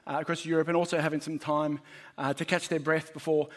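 A man's voice: a little high, little pitch movement, fast. A middle-aged man, a pastor giving a chatty, joking sermon with plenty of fillers.

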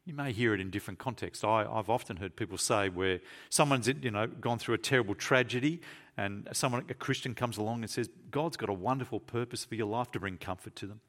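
A man preaching a sermon in a church, emphatic, repeating key phrases and slowing down to stress them. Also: fairly low pitch, a bit bright.

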